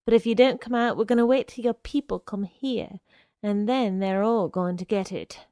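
A woman's voice: medium pitch, steady tone, normal speed, mellow, no echo, studio quality, close to an everyday voice. A woman voicing a menacing, wheedling young man. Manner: coaxing, then snapping; slangy. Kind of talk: dramatic story reading.

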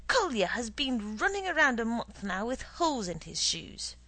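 A woman's voice: on the high side, big pitch swings, moderate pace, pushed and bright, no echo, pitched above the performer's own voice, heavily acted, low-quality recording. Woman reading as an indignant, worried wife. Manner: pleading, indignant.

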